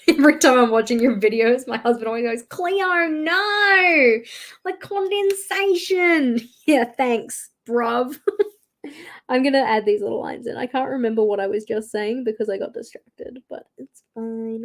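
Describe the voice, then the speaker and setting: A woman's voice: fairly high pitch, fairly even intonation, moderate pace, vocal fry. An Australian woman hosting a livestream, chatting casually and laughing as she draws and reads out viewer comments. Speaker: livestream host. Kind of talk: casual livestream chat while drawing.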